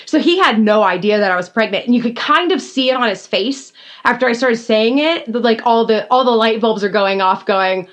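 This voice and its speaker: A woman from Georgia in her thirties with a soft Southern accent, co-hosting a podcast and telling a story with lively acted-out quotes and laughter. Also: fairly high pitch, fairly quick. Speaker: podcast co-host. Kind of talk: casual chat, storytelling.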